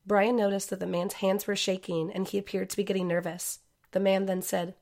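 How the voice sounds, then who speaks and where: A woman narrating a true-crime story in a measured, scripted way. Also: mid-range voice, flat delivery, vocal fry, a little mellow.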